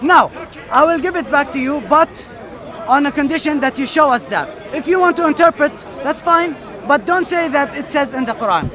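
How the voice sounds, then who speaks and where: A young man with a strikingly high voice holds a street debate in an outdoor park. He speaks firmly and deliberately, pressing his questions. A busy crowd murmurs all around him. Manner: firm, deliberate, insistent questioning.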